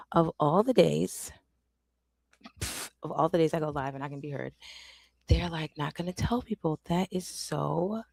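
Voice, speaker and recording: Woman streamer, casual rant, low gravelly voice, dry close sound, swears and whispers asides. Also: mellow, dry recording. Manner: frustrated, swears, drops to whispers. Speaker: livestream host. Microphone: desk microphone.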